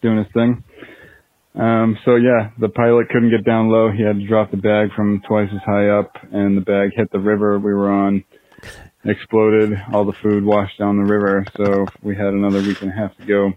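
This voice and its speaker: A man calling in to a podcast to tell a story, speaking in a flat, matter-of-fact way with halting pauses. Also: lowish voice. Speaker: caller. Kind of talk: phoned-in storytelling. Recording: tinny phone line.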